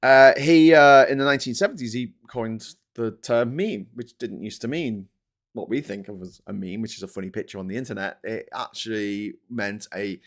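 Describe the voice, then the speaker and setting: Speaking at a normal speed in a lowish voice, this English-accented, middle-aged host runs a relaxed live-stream. He chatters restlessly and keeps laughing while poking fun at critics and trolls.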